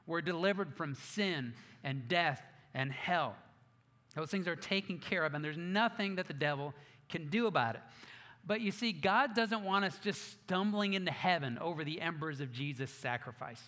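Bright-voiced pastor in a reverberant hall. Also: male voice, high voice, moderate pace. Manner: animated storytelling with self-mocking asides. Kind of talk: sermon.

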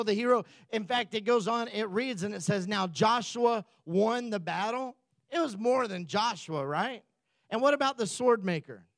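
A man's voice: high voice, no echo. A man preaching a sermon as the pastor, telling the story in a joking, conversational way.

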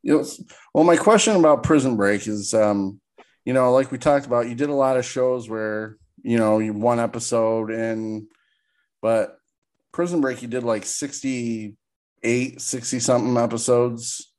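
A man hosting a casual interview, asking relaxed, conversational questions. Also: mid-range voice, unhurried. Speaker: podcast host, interviewer.

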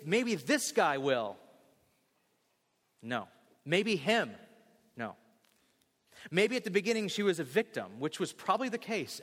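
A man's voice: sits high, long reverb tail. A male pastor preaching a sermon in a church, acting out scenes and joking with the congregation. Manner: animated, acts out scenes, jokes with the congregation. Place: church sanctuary.

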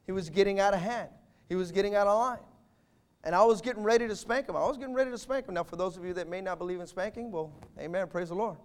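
A man preaching a sermon to fathers, emphatic, with sudden swings between loud declarations and quiet asides. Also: high-pitched, fast talker.

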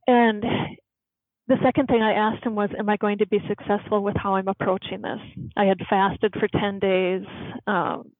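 A middle-aged woman tells a personal story as a podcast guest, earnest and animated, breaking into small laughs. Her voice sits at an ordinary pitch for a woman. The sound is thin and phone-like, with no room echo. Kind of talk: storytelling in an interview. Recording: tinny phone-like line, dry.

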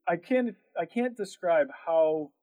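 A man's voice: sits high, expressive, slow, warm tone, low-quality recording. A man who runs a production company, telling a story in casual chat, rambling with lots of fillers and laughing as he goes.

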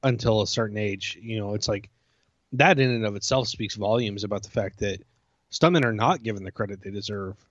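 A man's voice: lowish voice, brisk, no echo. Hesitant man on a slightly dull recording. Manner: rambling, hesitant, trailing off quietly. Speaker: podcast guest. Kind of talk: casual chat.

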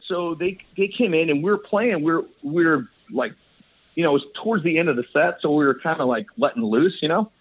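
A man, a guest bass player, telling stories in a casual interview, rambling and enthusiastic, laughing often. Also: expressive, brisk. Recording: dull lo-fi audio.

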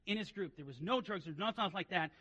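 A man preaching a sermon as pastor, telling stories in quiet asides and then rising into loud, emphatic preaching. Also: sits high, expressive, quick pace, slightly rough, lo-fi sound.

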